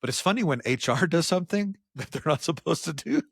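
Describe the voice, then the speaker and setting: A man co-hosting a podcast, telling workplace stories in casual chat and acting out the quotes with big jumps in pitch. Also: fast, vocal fry, husky, dry recording, studio quality. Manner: animated storyteller, acts out quotes with jumps in pitch. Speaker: podcast co-host.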